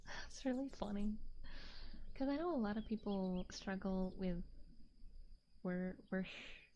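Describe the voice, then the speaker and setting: Soft-spoken woman chatting in ASMR. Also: mid-range voice, slow, lo-fi sound, slight background noise. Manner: playful, giggly, reads chat aloud; drifts into whispers. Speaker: streamer. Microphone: binaural mic.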